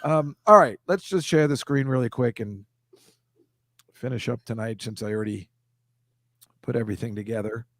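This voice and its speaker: A man's voice: medium pitch, moderate pace, long pauses, a bit bright, no echo, clean studio sound. A middle-aged man, a comedian hosting a casual video-call chat, rambling and self-deprecating, dropping into silly voices now and then. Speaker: comedian host.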